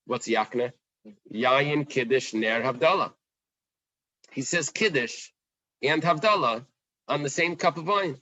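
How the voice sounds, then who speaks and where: A man's voice: mid-range voice, measured pace, long pauses, no echo, poor audio. A man teaching a casual Talmud class, talking things through and acting out the questions in the text. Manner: conversational, animated, acts out the Gemara's questions.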